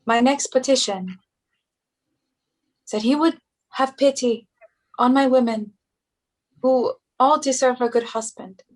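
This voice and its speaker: A woman's voice: sits high, rough recording. A woman playing a weary dying queen. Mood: sorrowful. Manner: slow, tired, regal delivery. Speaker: stage actor. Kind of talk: Shakespearean stage acting.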